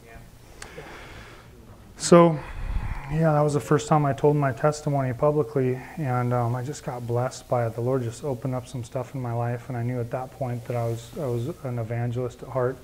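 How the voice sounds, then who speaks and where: A man in his thirties, an evangelist, earnestly giving his personal testimony to a group, often dropping to quieter confessional asides. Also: medium pitch, little pitch movement, normal speed.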